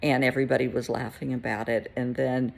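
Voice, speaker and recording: A woman therapist telling a client story in a casual, conversational way, with gentle emphasis. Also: rumbling low, level tone, fairly quick, creaky.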